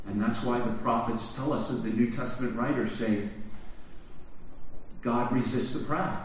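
A man preaching a sermon, asking the congregation questions and swinging from hushed, low phrases to loud shouts. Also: normal speed, a little hiss or hum. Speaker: pastor. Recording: very echoey hall from far off.

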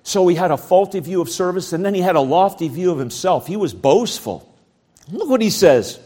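Male pastor, fairly high voice, preaching a sermon, loud bursts then quiet asides. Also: animated, a little fast, husky.

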